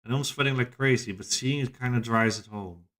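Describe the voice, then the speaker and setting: A man's voice: mid-range voice, fairly quick, fairly bright tone. A man streaming a visual novel, reading the narration aloud and reacting casually, with plenty of swearing.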